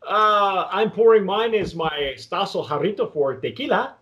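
A man with a fairly high-pitched voice talks his way through a tasting in a loose, unhurried chat. He stops and restarts his phrases again and again and fills the gaps with "um" and "uh". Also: animated, fairly bright tone, dull audio. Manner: rambling, halting, with many restarts and fillers. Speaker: tequila review host.

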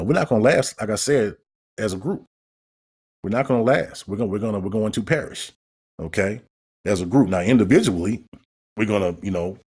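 A man's voice: low-pitched, breathy edge. A man hosting a podcast, talking in a heated, emphatic monologue and repeating words as he builds up steam. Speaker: podcast host.

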